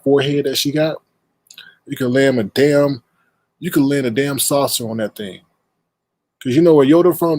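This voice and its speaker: A man's voice: medium pitch, a little mellow, breathy edge. A man hosting a livestream, scolding and insulting people in a heated roast rant. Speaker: livestream host.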